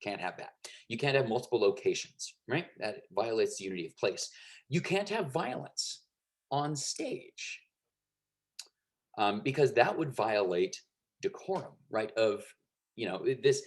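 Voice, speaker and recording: A man's voice: fairly low pitch, big pitch swings, a little slow. A man teaching a lecture in a conversational way, with frequent fillers and checks for understanding.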